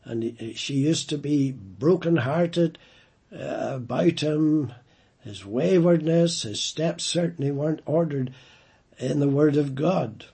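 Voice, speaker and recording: Male preacher, husky and unhurried, storytelling sermon delivery. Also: a little high, warm tone. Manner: storytelling, slowing down for emphasis.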